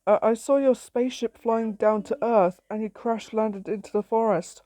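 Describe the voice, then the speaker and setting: A woman voicing a grumpy, overworked farm boy who shouts when upset, in a read-aloud story. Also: fairly high pitch, fairly even intonation, normal speed, dry recording, close to an everyday voice. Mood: nervous.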